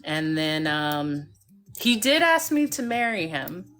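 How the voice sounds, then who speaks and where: A woman hosting a casual live stream, telling a lively story and acting out the voices of the people in it. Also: deep voice, slow. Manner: animated storyteller who acts out voices. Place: home by a fireplace.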